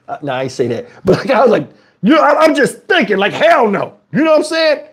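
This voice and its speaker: Man, high voice, swinging pitch, casual profane storytelling, chatty. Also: quick pace, slightly rough. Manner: animated, profane, conversational. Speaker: streamer telling a story.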